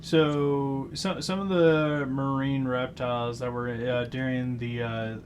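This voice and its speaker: Excitable man stumbling over names. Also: medium pitch, takes it slowly, slight background noise. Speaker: podcast host. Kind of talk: casual chat.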